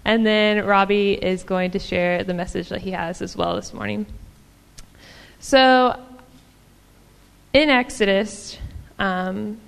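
A woman's voice: medium pitch, slow pace, creaky, clean tone, long reverb tail. A woman giving a casual, chatty sermon in a church, with frequent ums and small laughs. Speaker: church speaker.

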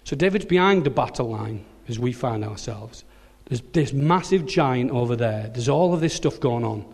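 A man preaching a sermon, who retells the story in a lively, joking way. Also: mid-range voice, moderate pace, slightly rough. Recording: long hall reverb.

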